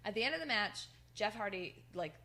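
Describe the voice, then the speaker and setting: A woman's voice: mid-range voice, expressive, a little fast, bright, forceful tone. A woman co-hosting a podcast, casually recapping wrestling in a rambling way with lots of fillers and laughter. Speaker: podcast co-host.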